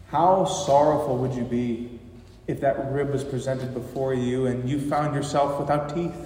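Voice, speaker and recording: A man preaches a sermon in a church sanctuary, heard from a distance in a long, echoing hall. He is impassioned, slowing his words for emphasis and swelling in volume. Faint room ambience sits under his voice. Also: mid-range voice, a little mellow, slight background noise. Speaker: pastor. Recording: echoey hall from far off.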